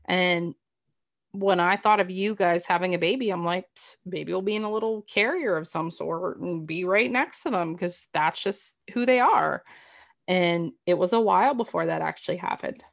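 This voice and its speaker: A woman's voice: lowish voice, normal speed, vocal fry, dry recording, clean studio sound. A woman in a casual chat, thoughtfully summing up her friend's experience. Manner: reflective, sums up the other's feelings.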